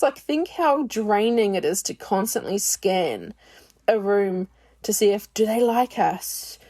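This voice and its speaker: A woman's voice: medium pitch, takes it slowly, pauses often, warm tone. A woman hosting a podcast, talking candidly and chattily in a personal monologue, often poking fun at herself. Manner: candid, chatty, self-deprecating. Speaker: podcast host.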